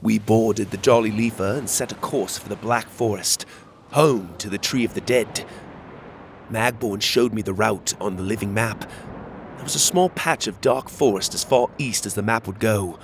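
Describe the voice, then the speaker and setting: A man narrating a children's fantasy story in the first person, with expressive storytelling. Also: on the low side, normal speed, a little hiss or hum.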